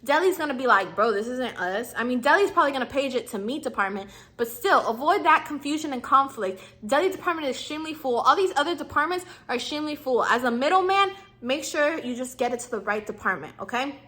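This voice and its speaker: A woman's voice: high voice, animated, quick pace, hardly any pauses, pushed and bright. A young woman in her twenties giving casual, slangy customer service tips to her viewers and acting out lines for clerks and customers. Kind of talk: casual advice vlog.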